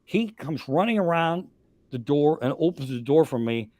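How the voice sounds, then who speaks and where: A man in his sixties spins profane comic stories on a live podcast, getting loud on the punchlines. His voice sits a bit high, and the recording is close and dry. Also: animated, moderate pace, no room sound. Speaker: comedian guest telling stories. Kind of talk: casual storytelling on a live podcast.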